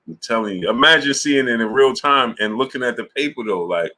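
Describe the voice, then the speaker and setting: A man hosting a sports livestream, telling a story animatedly with lots of slang while shouting out super chat viewers. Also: mid-range voice, brisk. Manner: animated storytelling full of slang, laughs often. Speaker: sports channel host.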